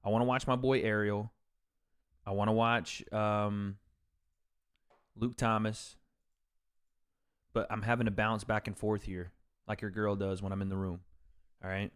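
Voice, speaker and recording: A man's voice: on the low side, flat delivery, a little slow, long pauses, a bit bright, clean tone. A man hosting a casual livestream, reacting to fights and joking with chat in a rambling way. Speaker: livestream host reading chat. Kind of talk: casual live commentary on fights.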